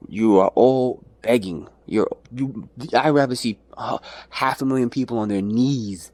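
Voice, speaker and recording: A man's voice: medium pitch, measured pace, a little mellow, no room sound. A man ranting in a rambling, profane vlog monologue, jumping between mocking voices and his own. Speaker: vlogger.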